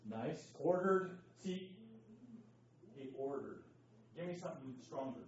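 A fairly high-voiced man leads a Bible study at an unhurried pace. He quizzes his class and drives each point home with emphasis. The recording is dull and lo-fi, made from across a reverberant room. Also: expressive, slight background noise. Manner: emphatic, quizzes the class, keeps asking okay. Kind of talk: interactive Bible lesson. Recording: echoey room, distant dull mic.

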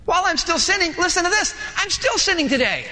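A male pastor preaching a sermon in a lively way, acting out dialogues in different voices, in a large church hall. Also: very high voice, quick pace. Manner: animated, acts out dialogues with shifting voices. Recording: long hall reverb.

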